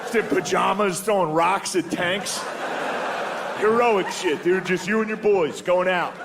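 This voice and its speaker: A man's voice: high voice, unhurried, creaky, background noise. A man in his thirties doing stand-up comedy, laid-back and crude, mocking people and acting out characters.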